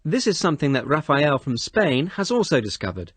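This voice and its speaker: A man's voice: fairly high pitch, sing-song, brisk, fairly bright tone, husky, no room sound. A man hosting an educational podcast, summing up the guest's points and asking follow-up questions. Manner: summarising and prompting questions. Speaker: host.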